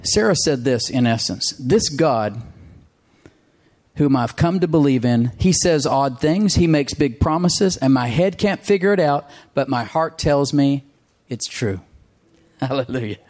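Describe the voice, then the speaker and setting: A preacher delivers a sermon in an ordinary mid-pitched, somewhat dark voice at a measured pace. He's animated and emphatic, repeating phrases again and again and regularly calling on listeners for an amen.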